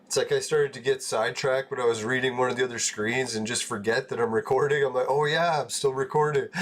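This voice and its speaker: A man's voice: medium pitch, fairly quick. Laid-back man chatting on a game stream. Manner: laid-back, chuckling, swears casually. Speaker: live-stream host. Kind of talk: casual live-stream chat while gaming.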